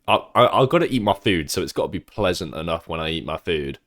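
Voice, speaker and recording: A young man with a low, deep voice talks casually to his livestream chat from his home setup. He rambles between tasks, swears freely and teases the viewers in an offhand way. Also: lively intonation, fast talker, a bit bright.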